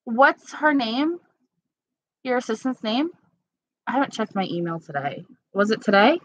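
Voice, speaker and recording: Slow-talking chatty woman live-streaming. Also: a little high, very animated, fairly bright tone, no echo. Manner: chatty, frequent laughter, candid. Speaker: livestream host. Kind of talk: casual live-stream chat, answering viewers. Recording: slightly dull lo-fi sound.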